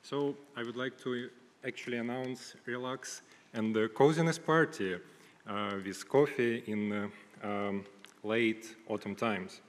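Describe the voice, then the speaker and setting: Brief: man, mid-pitched, hesitant announcement, far from the mic in a reverberant hall. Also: a little slow. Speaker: conference speaker. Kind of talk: lightning talk announcement. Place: large conference hall.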